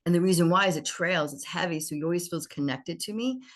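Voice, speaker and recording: A woman guest on a podcast, telling lively stories in casual chat and acting out what people said. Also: lowish voice, fast talker. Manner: animated storyteller who acts out dialogue.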